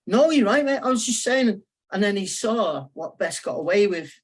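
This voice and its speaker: A man's voice: high-pitched, expressive, moderate pace, breathy edge. Enthusiastic man recounting football memories. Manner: enthusiastic storyteller, paints match moments. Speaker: podcast guest. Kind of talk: casual football chat.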